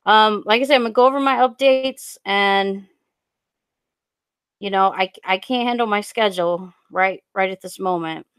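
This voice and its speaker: A young woman on a casual live stream, rambling and halting with lots of fillers as she reads out viewer comments into a USB desk mic. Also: mid-range voice, a bit bright, smooth, no room sound.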